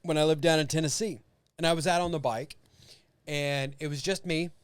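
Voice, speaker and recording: A man's voice: on the high side, brisk, clear, resonant tone, dry recording. A man co-hosting a podcast, telling casual stories with profanity and acted-out voices. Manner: animated, profane, acts out voices and sounds. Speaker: podcast co-host. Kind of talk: casual storytelling chat.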